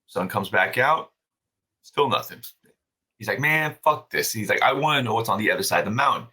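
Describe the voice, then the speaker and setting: Male podcast guest, low bright voice, casual storyteller, profane and animated. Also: rough recording. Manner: animated, swears freely, many fillers and restarts. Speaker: podcast guest, brewery owner.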